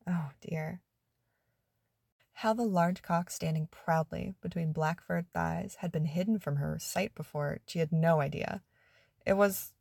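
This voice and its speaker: A woman narrating an adult story in a soft, hushed, intimate reading. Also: on the low side, gravelly, no echo.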